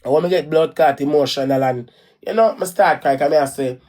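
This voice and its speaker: Her voice is low and warm, and she talks fairly quickly with a Jamaican accent. The Caribbean vlogger rambles through a personal story in a casual rant, repeating herself, restarting phrases and swearing bluntly.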